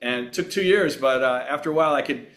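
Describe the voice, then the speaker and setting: A man's voice: mid-range voice, fast, fairly bright tone. Easygoing man in his sixties telling stories. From Long Island, New York. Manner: easygoing, rambling anecdotes with frequent fillers. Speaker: guest actor. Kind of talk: relaxed storytelling in a podcast interview.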